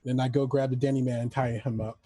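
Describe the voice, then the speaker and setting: A man's voice: medium pitch, little pitch movement, fast, dark tone, a little hiss or hum. A man player at a tabletop game, casually declaring his character's actions.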